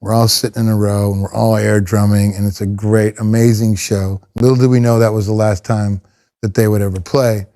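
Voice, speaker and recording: A middle-aged man, a professional drummer, telling casual anecdotes in an interview, rambling and animated with frequent restarts. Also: lowish voice, a little fast.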